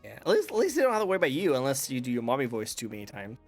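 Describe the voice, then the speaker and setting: A man's voice: mid-range voice, wildly swooping pitch, very fast, soft background music. A man hosting a casual interview chat, rambling and laughing often. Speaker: interview show host. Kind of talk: casual chat over a call.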